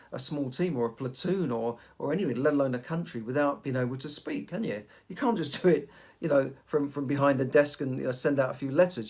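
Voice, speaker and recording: A middle-aged man, hosting a podcast and giving casual advice, often repeating and restarting his words. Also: mid-range voice. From United Kingdom. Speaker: podcast host.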